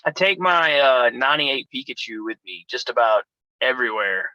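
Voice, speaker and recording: Young adult man, wrestler guest, swears nonstop, rambles off on tangents, bright forceful tone, dry close sound. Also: mid-range voice, expressive, moderate pace, no echo, rough recording. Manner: swears constantly, rambling tangents, acts out quoted voices. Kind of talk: profane storytelling chat.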